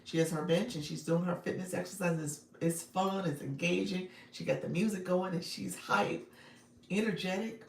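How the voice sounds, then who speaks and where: Upbeat low gravelly woman coaching live. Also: reverberant, recorded from a distance, slight background noise. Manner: upbeat, repetitive, laughs often, addresses viewers by name. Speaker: livestream coach and host. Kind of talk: live-stream coaching talk, reading chat.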